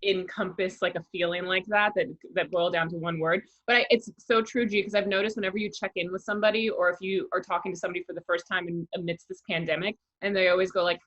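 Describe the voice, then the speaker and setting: Bright candid woman on a muffled call. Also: lowish voice, fast talker. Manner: candid, animated, laughs often. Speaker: co-host. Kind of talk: casual podcast chat.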